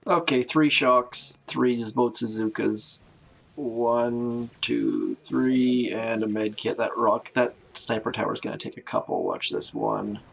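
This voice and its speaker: Gravelly-voiced man streaming a strategy game. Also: medium pitch, fairly even intonation, slow pace, fairly bright tone. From Canada. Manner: chatty, self-narrating, greets viewers by name. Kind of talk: live gameplay commentary.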